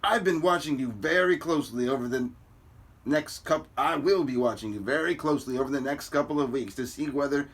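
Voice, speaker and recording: A man's voice: mid-range voice, brisk, a bit bright, husky. A man reading a comic aloud, voicing a stern middle-aged school principal with formal, clipped delivery.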